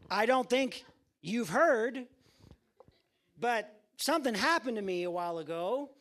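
A man voicing a man raised from the dead, who speaks slowly and triumphantly, amused by threats. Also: very high-pitched, lively intonation, a bit bright, voice pushed up, full character voice.

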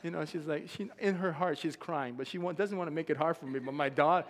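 A man preaching a sermon as pastor, telling stories with lively acted-out quotes and frequent laughter. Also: on the high side, brisk. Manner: animated storytelling, acts out quotes, laughs often. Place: church sanctuary. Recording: long hall reverb.

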